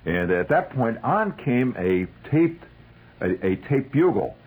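A man telling a comic, wry story about army life, acting out the shouted calls. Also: medium pitch, big pitch swings, slow pace, narrow, tinny audio, slight background noise.

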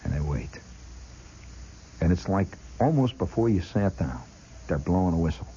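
A man with a low, husky voice tells a rambling personal story as a monologue. His pitch swoops up and down expressively, and he talks straight to the listener. He mimics clinks and other sounds with his voice as he goes. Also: sing-song, normal speed, long pauses, warm tone, dull audio. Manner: chatty, addresses the listener directly.

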